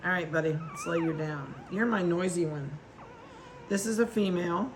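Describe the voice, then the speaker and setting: A woman's voice: on the low side, lively intonation, normal speed, a little hiss or hum. A woman dog breeder chatting casually and affectionately as she handles puppies at an indoor table and talks to them.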